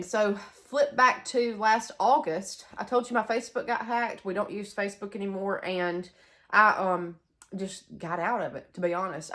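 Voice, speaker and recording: A woman's voice: medium pitch, fairly bright tone. A young woman with a Southern US accent, chatting casually to camera in a rambling way with asides. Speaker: homestead vlogger. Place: sunroom bedroom in a house.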